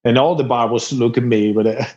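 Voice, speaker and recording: A man from Spain with a Spanish accent, telling stories as a musician guest on a podcast. He talks in an animated way, at a middle pitch. The recording sounds dull and lo-fi. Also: fast. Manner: animated, laughing storyteller. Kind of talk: casual storytelling interview.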